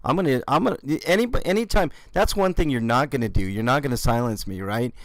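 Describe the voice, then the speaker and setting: Male host, mocking and profane, dry close sound, mid pitch. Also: lively intonation, quick pace, no echo. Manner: sarcastic, mocking, swears freely. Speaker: YouTube channel host reacting to police video. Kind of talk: casual commentary reaction.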